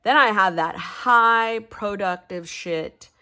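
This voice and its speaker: A woman's voice: medium pitch, slow, background noise. A woman in her thirties chatting casually about her planner and journaling, rambling and candid and swearing now and then. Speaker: planner vlogger.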